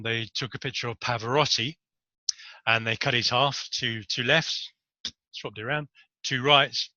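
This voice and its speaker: A man's voice: mid-range voice, pushed and bright, no room sound, muffled recording. A man giving a casual, rambling talk to camera on body language, with jokey asides.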